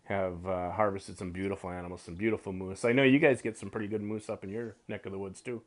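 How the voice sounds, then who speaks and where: A middle-aged radio show host and hunting guide with a low voice talks fast, telling a hunting story in a casual chat. He's an animated storyteller who acts out quotes and laughs often.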